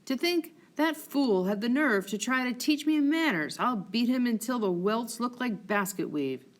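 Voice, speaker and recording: A woman's voice: on the high side, lively intonation, normal speed, pitched above the performer's own voice, natural voice. A woman playing a drunk, boastful young lieutenant. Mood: enraged.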